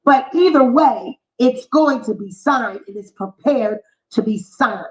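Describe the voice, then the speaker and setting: High-pitched woman in a profane rant. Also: expressive, a little slow. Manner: profane, heated, mocking rant. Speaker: vlogger. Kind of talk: ranting commentary vlog. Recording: echoey, dull lo-fi room sound.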